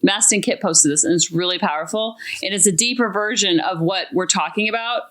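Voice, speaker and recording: A woman's voice: mid-range voice, a little fast, fairly bright tone. A woman hosting a parenting podcast, talking in an emphatic, enthusiastic way. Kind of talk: podcast talk.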